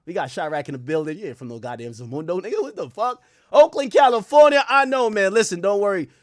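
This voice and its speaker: High-voiced profane man hosting a stream. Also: animated, quick pace, no room sound, studio quality. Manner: loose, profane, joking, shouts out chat. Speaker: livestream host. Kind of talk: casual livestream commentary.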